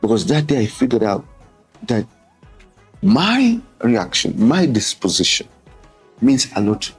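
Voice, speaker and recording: A man's voice: mid-range voice, big pitch swings, measured pace, slightly rough, soft background music, poor audio. A man in his thirties with a Kenyan English accent, hosting a show and talking earnestly, mixing English and Swahili and repeating words for emphasis. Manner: switches between English and Swahili. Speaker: host. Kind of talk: casual reflective talk.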